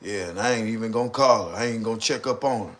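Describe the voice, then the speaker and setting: A man quoting a callous, spiteful grown man in a low, offhand sneer. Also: quick pace, lightly acted. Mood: gloating.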